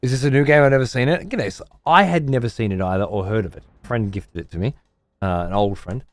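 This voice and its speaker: A man's voice: mid-range voice, fast talker, dry recording. A man casually commentating on a strategy game while streaming, chatty and swearing freely as he mutters to himself.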